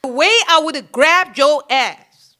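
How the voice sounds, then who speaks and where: A woman hosting a commentary podcast, talking straight to her audience in an emphatic, animated way. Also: high-pitched, a little slow. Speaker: podcast host. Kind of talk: gossip commentary monologue.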